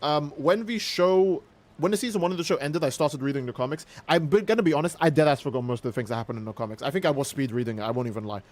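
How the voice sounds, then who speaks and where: Young guy streaming, fired up, swears a lot, kinda high voice, rambles. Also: racing. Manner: excitable, profane, rambling. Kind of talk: casual livestream commentary.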